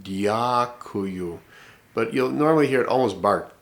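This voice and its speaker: A middle-aged man teaching vocabulary in a casual way, saying each word slowly and more than once, with many fillers. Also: medium pitch, lively intonation, vocal fry. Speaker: language teacher.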